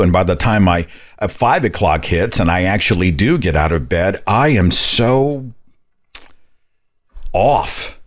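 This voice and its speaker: A man's voice: low-pitched, expressive, takes it slowly. A man hosting a call-in talk show, venting in a rambling, exasperated way with many rising rhetorical questions. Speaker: podcast host.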